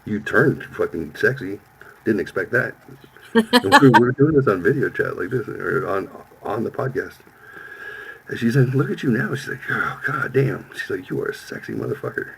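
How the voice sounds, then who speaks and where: Male podcast host, 50s, low gravelly voice, lively swings in pitch, faint background noise. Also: normal speed, rough recording. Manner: profane, animated storytelling with quoted voices. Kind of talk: casual storytelling chat.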